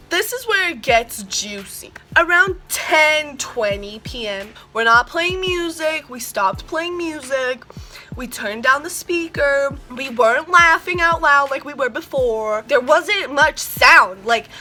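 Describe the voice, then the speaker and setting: Bright-voiced slangy teen girl storyteller. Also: sits high. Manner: slangy, animated, lots of "like" and swearing. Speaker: vlogger. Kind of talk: storytime vlog.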